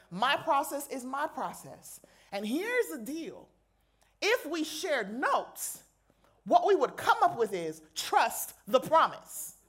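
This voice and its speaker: Animated woman preacher with a high voice. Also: husky. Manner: conversational and animated, slangy asides, playful. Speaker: university chaplain, preacher. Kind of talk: sermon. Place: lecture hall with an audience.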